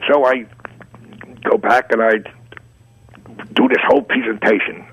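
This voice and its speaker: A man's voice: mid-range voice, wildly swooping pitch, a little slow, gravelly, fairly bright tone, slightly rough, no echo. An older man being interviewed, telling long anecdotes full of restarts and acted-out quotes, heard on a dull, lo-fi radio recording. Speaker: guest, advertising art director. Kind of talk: storytelling interview answers.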